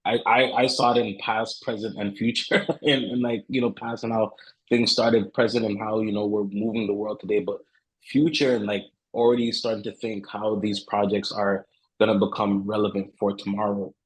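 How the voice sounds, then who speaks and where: A male host with a fairly low, husky voice speaks at normal speed in a level tone, and the audio quality is poor. Moderating an online panel, he chats loosely with plenty of fillers before switching to a formal, scripted closing read-out.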